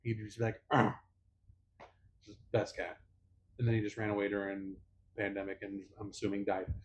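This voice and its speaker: A man's voice: lowish voice, level tone, brisk, a little mellow, a little hiss or hum. A young man co-hosting a casual podcast chat, teasing his friend in a playful manner. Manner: playful, teasing, puts on voices in anecdotes. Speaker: podcast co-host.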